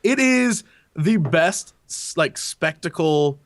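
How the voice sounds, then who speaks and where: A man co-hosting a casual gaming podcast, animated and quick to mimic characters. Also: no room sound. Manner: animated, mimics characters in high squeaky voices. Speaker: podcast co-host. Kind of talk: casual chat.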